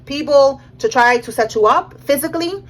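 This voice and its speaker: A young woman giving a casual tarot reading, animated and slangy, often checking in with "all right?". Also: high voice, normal speed, poor audio. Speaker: tarot reader.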